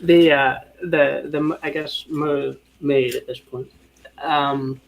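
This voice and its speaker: A man narrates as game master in a tabletop game, pausing and restarting often. His voice sits a touch high, slow and gravelly. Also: fairly even intonation, poor audio.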